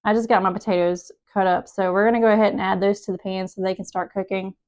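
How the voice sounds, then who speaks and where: A woman's voice: mid-range voice, little pitch movement, fast, a little mellow. A woman in her thirties, a mom, chatting casually in her home kitchen while she cooks, telling a rambling, emotional story about a hard morning. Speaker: mom vlogger cooking at home. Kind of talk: casual chat while cooking.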